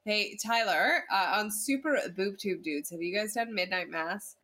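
Halting, bright-voiced podcast co-host man. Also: high voice. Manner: halting, repeats words while gathering thoughts. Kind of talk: casual chat.

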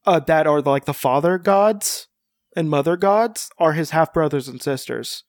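A man's voice: fairly high pitch, a little slow, no echo, studio quality. A man co-hosting a casual comic-book chat, rambling with many fillers and restarts. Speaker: podcast co-host.

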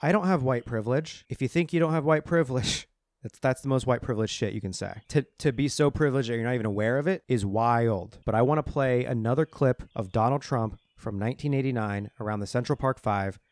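A man's voice: mid-range voice, brisk, a little mellow, no echo, clean studio sound. Heated, profane male podcast ranter. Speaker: political commentary host. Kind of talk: ranting solo podcast commentary.

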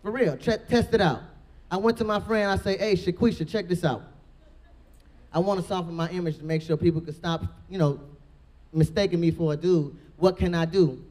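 A woman with a deep voice doing a brash, profane stand-up comedy set. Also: moderate pace, mellow.

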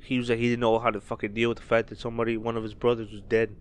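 A man's voice: medium pitch, little pitch movement, racing, clean tone. A young man co-hosting a podcast, musing in loose, profane casual chat. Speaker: podcast co-host.

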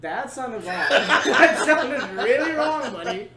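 A man's voice: extremely high pitch, lively intonation, slow pace, creaky, crowd noise. A man hosting a casual podcast chat, joking and laughing often as he rambles. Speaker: podcast host. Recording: echoey room, faint noise.

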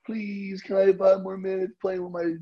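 A man's voice: sits high, completely flat delivery, moderate pace, dull audio, pitched above the performer's own voice. A man voicing a whiny little boy from a fifties movie, begging his father. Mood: pleading.

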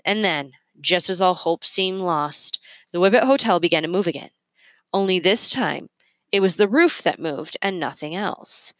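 A woman reads a children's chapter book aloud, her voice on the lower side and her delivery expressive and measured. The sound is close and very dry, with no room around it. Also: no room sound. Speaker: reader. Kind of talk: reading a children's novel aloud.

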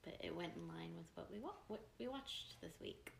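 A woman's voice: lowish voice, lively intonation, fairly quick, vocal fry. A young woman co-hosting a podcast, chatting casually and reading quiz questions with a laugh. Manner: laughing, playful quizmaster. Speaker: podcast co-host. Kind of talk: casual chat. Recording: echoey room, faint hiss.

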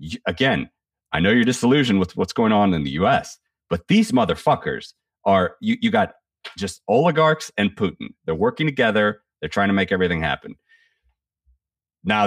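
A man with an extremely low voice gives casual, profane political commentary on a podcast, rambling, restarting his sentences often and speaking bluntly. He sits back from the mic, and the dry recording makes the room sound dead.

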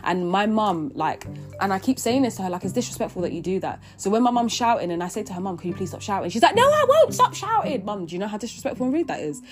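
A woman's voice: mid-range voice, fast, darkish tone. A young woman talking through her feelings in an earnest, rambling way, full of restarts and fillers. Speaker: vlogger. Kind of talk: reflective personal monologue. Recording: guitar music under the voice. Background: guitar music.

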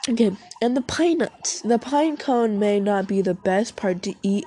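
A woman's voice: medium pitch, animated, a little slow, mellow, slight background noise. A young woman rambling casually to herself, swearing a lot, making self-mocking asides, and short of breath.

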